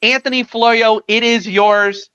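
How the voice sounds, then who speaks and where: A woman's voice: a little high, a little slow, smooth, no echo. Chatty woman with a dull, dry sound. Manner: chatty, animated, repeats words when excited. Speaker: podcast co-host. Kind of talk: casual wrestling recap chat.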